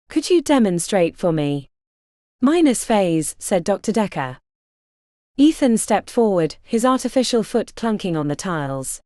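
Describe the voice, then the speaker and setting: A woman's voice: medium pitch, a little mellow, no room sound, clean studio sound. A woman reading a fantasy novel aloud as an audiobook narrator, shifting her voice a little for each character.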